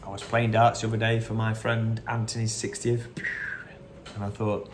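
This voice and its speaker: A man's voice: lowish voice, little pitch movement, normal speed, a little hiss or hum. Chatty man hosting a quiz. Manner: chatty, repeats each question, wanders into anecdotes. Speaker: quiz host. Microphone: phone.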